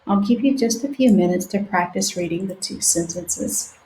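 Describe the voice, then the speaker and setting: A woman teaching a phonics lesson to young children, sounding out words slowly letter by letter. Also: medium pitch, dark tone. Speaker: reading teacher. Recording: echoey room.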